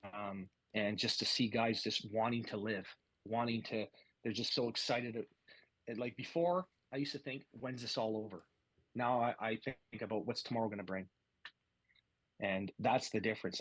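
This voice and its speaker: This is a man with a husky, slightly rough voice, recorded dry and close. He tells stories in a relaxed, casual way and acts out the lines of the people in them. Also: fairly low pitch, moderate pace, dry recording, rough recording. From Canada. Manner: animated, acts out quoted dialogue. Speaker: podcast guest. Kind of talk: casual storytelling.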